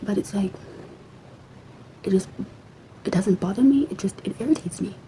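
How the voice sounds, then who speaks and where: Blunt woman venting, mellow low-key voice. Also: normal speed, a little hiss or hum, rough recording. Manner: blunt, rhetorical questions, repeats herself for emphasis. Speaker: vlogger. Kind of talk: casual venting to camera.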